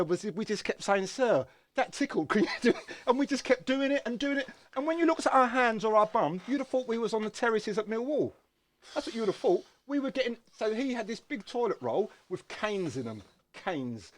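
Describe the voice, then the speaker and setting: Animated man spinning yarns. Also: high-pitched, dry recording. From South London, England. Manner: animated storytelling, interrupts with "hold on" and "mush". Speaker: podcast co-host. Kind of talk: casual chat.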